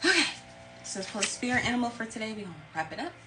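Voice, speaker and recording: A woman's voice: fairly high pitch, very animated, rapid-fire, over loud music, rough recording. A woman giving a casual tarot reading, talking candidly, swearing now and then and repeating her phrases. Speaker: tarot reader.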